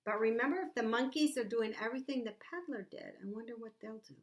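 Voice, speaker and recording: A woman teacher reading a picture book aloud to young children, animated and asking them questions. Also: fairly high pitch, quick pace, hardly any pauses. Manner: animated, asks the listener questions. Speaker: preschool teacher.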